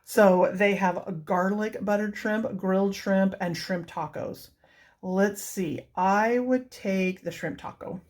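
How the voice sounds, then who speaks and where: A woman's voice: medium pitch, slow, darkish tone. A woman chatting through a coloring book, gushing over each page and wandering off into rambling asides. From United States.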